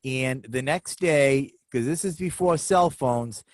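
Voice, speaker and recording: A middle-aged man, a comedian, telling an animated anecdote on a video call. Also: medium pitch, slow, dry recording.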